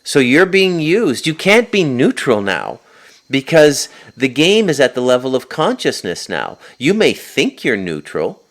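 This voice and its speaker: A man's voice: medium pitch, huge pitch swings, a little slow. A man delivering a spoken monologue as host, insistent and peppering his points with a questioning "okay?". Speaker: host and author.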